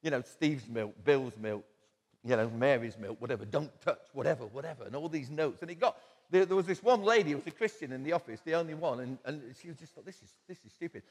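A man's voice: medium pitch, expressive, fast talker, a little mellow. A man preaching a sermon in a church, telling stories conversationally with quoted asides and chuckles. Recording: long church-hall reverb.

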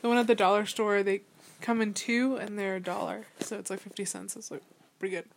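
A woman's voice: medium pitch, level tone, brisk, vocal fry, a little hiss or hum. A young woman in casual chat, talking in a rambling way full of fillers. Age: young adult. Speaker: vlogger.

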